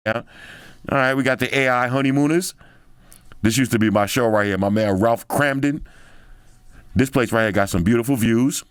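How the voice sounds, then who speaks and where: A man's voice: medium pitch, moderate pace, pauses often, clear, resonant tone, dry recording. A chatty man hosting a tech channel, tossing in slang as he talks. His loose, thinking-aloud commentary comes across dry and close, with no room sound. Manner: slangy and chatty, drops in "yo" and "bro". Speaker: tech video host. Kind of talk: casual commentary while scrolling a phone.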